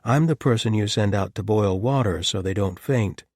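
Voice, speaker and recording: A man's voice: fairly low pitch, normal speed, darkish tone, no echo, studio quality, pitched above the performer's own voice, natural voice. A man voicing a tall, blunt, good-humored woman lay sister, speaking in wry, teasing banter.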